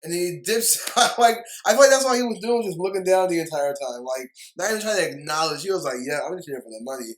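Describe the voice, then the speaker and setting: A young man rants about a film in a heated, rambling way. He repeats himself, restarts his sentences and keeps apologizing. His voice sits a little high for a man. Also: fast, hardly any pauses, poor audio. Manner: heated, repetitive ranting with frequent apologies. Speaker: movie reviewer. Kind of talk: ranting video review.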